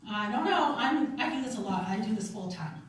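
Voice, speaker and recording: A woman's voice: a little high, lively intonation, brisk. A woman giving a casual, chatty motivational talk to a room at a retreat, laughing often and acting out little quotes. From Canada. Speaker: sales consultant speaking at a retreat. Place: conference room. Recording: echoey hall, mic from far off.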